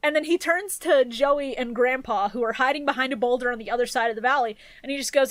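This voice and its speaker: A woman co-hosting a podcast, recapping an anime episode in a profane, joking, animated way. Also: high-pitched, fast talker, hardly any pauses, dry recording. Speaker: podcast co-host. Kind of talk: casual chat recapping an anime.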